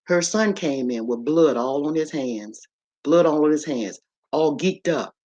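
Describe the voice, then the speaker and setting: A woman's voice: low voice, animated, a little slow, darkish tone. A woman hosting a casual livestream, telling a story and preaching to her viewers, with in her speech. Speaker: livestream host. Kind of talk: casual live-stream monologue.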